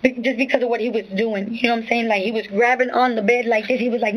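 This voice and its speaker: A woman's voice: fairly high pitch, fairly even intonation, a little fast, rough recording. A woman being questioned as a witness, giving a rambling, profane spoken account full of restarts and filler phrases. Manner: rambling, profane, full of restarts and "you know what I'm saying".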